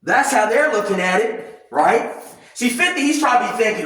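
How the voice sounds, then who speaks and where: A man giving a loud, profane, heated rant as commentary while he works out, talking from a distance with no clip-on mic. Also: sits high, expressive, normal speed, a little hiss or hum. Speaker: commentary vlogger. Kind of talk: ranting commentary while working out. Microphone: no clip-on mic, distant from the recorder. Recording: echoey room, far from the mic.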